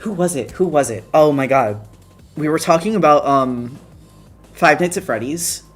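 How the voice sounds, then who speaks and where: A co-host in their twenties chatting casually, rambling and laughing through quick asides. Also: medium pitch, lively intonation, faint music behind. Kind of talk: casual chat.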